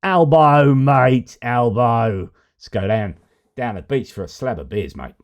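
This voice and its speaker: A man putting on a to voice a boisterous, beer-loving bloke, loud and jokey. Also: mid-range voice, expressive, a little slow, voice pushed up. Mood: matey.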